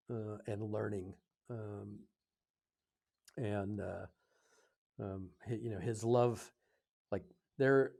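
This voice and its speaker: An American man in his fifties, a podcast guest telling a story in a casual, halting way, with many fillers and self-corrections. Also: medium pitch, warm tone. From United States. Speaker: podcast guest, retired Air Force officer.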